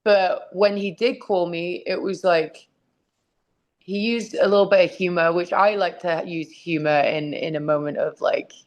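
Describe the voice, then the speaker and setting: Blunt, low-voiced woman guest. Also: fairly even intonation, a little slow, highs cut off. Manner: blunt, emotional, swears freely. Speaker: interview guest, wrestler and author. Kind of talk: candid interview over a call. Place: at home with her dog nearby.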